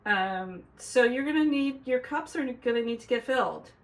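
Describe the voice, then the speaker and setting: A woman who is a therapist and tarot reader, co-hosting in a calm, affirming way. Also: fairly high pitch, normal speed. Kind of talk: casual chat. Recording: echoey room.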